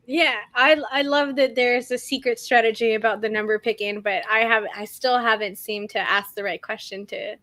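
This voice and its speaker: A woman hosting a casual podcast interview, chatty and giggly, with quick asides. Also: on the high side, steady tone, pushed and bright, no room sound. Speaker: podcast host.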